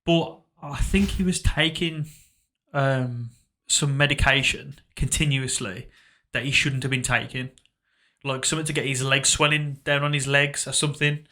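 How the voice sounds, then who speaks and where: A young man on a podcast, recounting a painful memory in a halting, reflective way, often trailing off quietly. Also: medium pitch, fairly even intonation. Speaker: podcast co-host. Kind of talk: casual emotional conversation.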